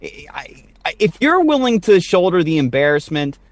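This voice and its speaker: A man's voice: a little high, very animated, moderate pace, no room sound. A man co-hosting a podcast, rambling in a crude, joking way in casual chat. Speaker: podcast co-host.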